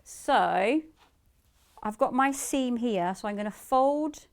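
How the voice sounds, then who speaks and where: Speaking slowly in an expressive voice on the high side, a woman gives a live sewing demonstration on shopping TV from a studio. She explains every step in a chatty manner and laughs readily.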